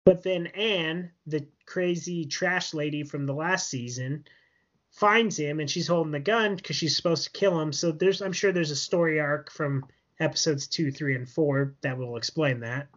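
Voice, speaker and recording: On a lo-fi podcast with dull sound, a male co-host tells a rambling, filler-heavy recap of a TV episode, laughing as he goes. His pitch is fairly high and his tone a bit bright, at a normal speed.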